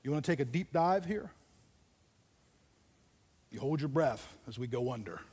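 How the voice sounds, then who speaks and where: A man's voice: mid-range voice, expressive, a little mellow, breathy edge. Man preaching in an echoing church hall. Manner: storytelling, dramatic pauses, drops to near whispers. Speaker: pastor. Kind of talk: sermon. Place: church auditorium.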